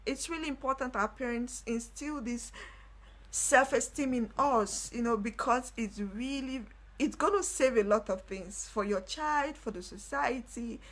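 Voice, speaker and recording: A young woman hosting a live stream, telling a personal story in casual talk with animated delivery and repeated phrases. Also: a little high, unhurried. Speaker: livestream host.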